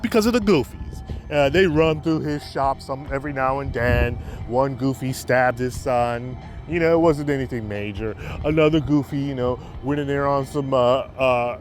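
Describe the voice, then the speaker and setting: Rambling animated man telling stories. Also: medium pitch. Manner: rambling, many fillers and restarts, lively swings. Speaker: storyteller vlogger. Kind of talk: casual anecdote storytelling.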